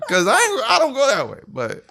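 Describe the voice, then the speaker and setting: A man's voice: brisk, vocal fry, slight background noise. A young man, a podcast co-host, telling a story in casual chat and acting out quotes, laughing often. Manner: animated, acts out quotes with big pitch jumps, laughs often.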